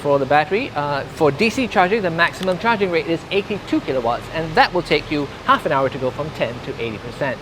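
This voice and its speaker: A man's voice: on the high side, expressive, fast, few pauses, noisy background. A man giving a chatty, jokey car review next to and inside a car.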